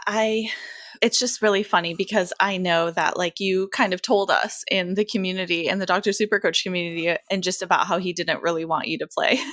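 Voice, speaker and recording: A woman's voice: medium pitch, fairly bright tone, dry recording, studio quality. Giggly woman hosting a podcast. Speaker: podcast host. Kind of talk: casual chat.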